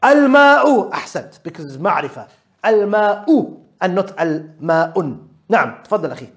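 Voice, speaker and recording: A man's voice: high-pitched, sing-song, moderate pace, fairly bright tone. A man teaching a live Arabic grammar class, patiently quizzing his students and mixing English with Arabic terms. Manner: patient, drills students with repeated questions.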